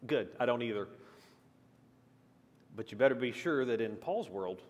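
Lively man teaching in a reverberant hall. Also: mid-range voice, normal speed, long pauses. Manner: asks the class questions, lively, shifting emphasis. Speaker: pastor teaching a church class. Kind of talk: conversational Bible teaching. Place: church meeting room.

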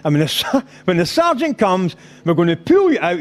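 At a rugby club function room, a middle-aged Scottish man does live stand-up, rowdily recounting stories with plenty of swearing and slipping into character voices. His voice sits high and is very animated, delivered at normal speed.

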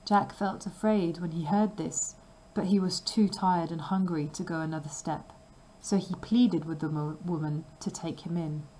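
A woman reading a fairy tale aloud slowly and carefully for language learners. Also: on the low side, fairly even intonation, mellow, slight background noise, poor audio. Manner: slow, careful and clearly paced. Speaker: storybook reader.

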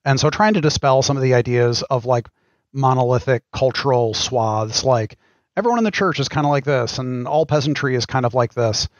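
A middle-aged man, a game designer, answering interview questions in a thoughtful, halting way with frequent ums. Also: mid-range voice, no room sound, muffled recording. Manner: thoughtful, pauses with many ums. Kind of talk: casual podcast interview.

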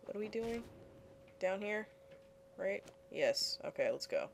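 A woman's voice: mid-range voice, animated, a little slow, gravelly, a little hiss or hum. A woman giving casual gameplay commentary, blunt and frustrated, swearing freely at the game.

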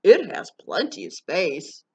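A woman's voice: on the low side, huge pitch swings, takes it slowly, breathy edge, heavily acted. A friendly beaver voiced by a woman. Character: friendly, generous male beaver. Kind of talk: children's storytime character reading.

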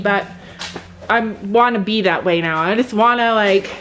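A woman's voice: mid-range voice, measured pace, a bit bright, a little hiss or hum, rough recording. A woman in her fifties, vlogging casually from a cold barn, talking candidly and emotionally and now and then breaking off to chat to her animals. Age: 50s. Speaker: farm vlogger.

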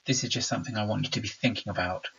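Male teacher, remote lesson, low husky voice, patient explainer, dull lo-fi recording. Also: rapid-fire, fairly bright tone. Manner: explanatory, stresses rhythm aloud.

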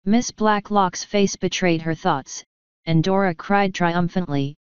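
A woman reads an audiobook in a steady, measured way. Her voice is lowish and very clear, recorded dry and close with no room around it, though the sound is a little dull and lo-fi. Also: no room sound. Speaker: audiobook narrator. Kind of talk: scripted narration.

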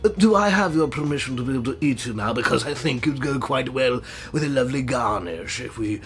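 A genteel cartoon dinosaur with a posh British accent and a rough, gravelly rumble, as a man puts him on. He speaks with courteous menace, and his voice swoops through a wide range. A little music plays faintly behind. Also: animated, brisk, natural voice. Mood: politely hungry. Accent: posh British, put on. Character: posh, gravelly, polite male T-Rex.

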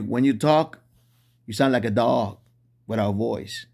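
A man's voice: mid-range voice, moderate pace, darkish tone. A man delivering an impassioned preaching monologue in non-native English. He repeats phrases and restarts often.

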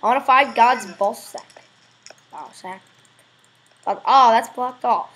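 Excitable woman swearing over gameplay. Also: fairly high pitch, slow pace, background noise. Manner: excitable, swears freely, loud sudden exclamations. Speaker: gameplay video host. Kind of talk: casual let's-play commentary.

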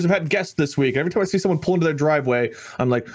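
A man co-hosting a gaming podcast in casual chat, given to sardonic quick rants. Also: fairly high pitch. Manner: sardonic, quick ranting banter. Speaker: podcast co-host.

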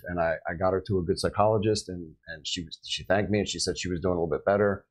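A middle-aged man with a lowish voice tells his story casually, animated, jumping into the voices of the people he quotes. He speaks as a police officer chatting on a podcast. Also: fast, poor audio. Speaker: police officer recounting a shooting.

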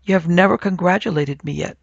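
A man's voice: high-pitched, a little fast, vocal fry, no room sound, dull audio. A man doing a hearty, eager young student.

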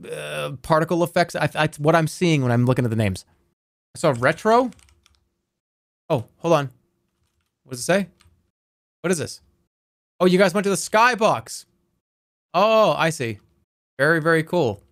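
A man's voice: fairly high pitch, no echo, clean studio sound. A man streaming a game live, rambling playfully and reading viewer messages aloud.

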